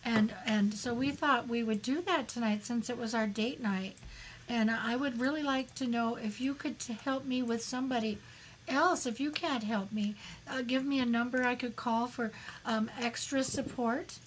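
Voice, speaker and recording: A woman's voice: fairly high pitch, normal speed, a little hiss or hum, lightly acted, rough recording. A woman playing a rambling, needy sister wife. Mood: earnest. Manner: hesitant, stammering, rambling. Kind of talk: prank call role-play.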